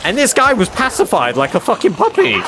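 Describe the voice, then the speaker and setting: A man chatting on a game stream, telling a story in an animated, swearing manner. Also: very high voice, brisk, background noise. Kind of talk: casual livestream chat. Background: game music.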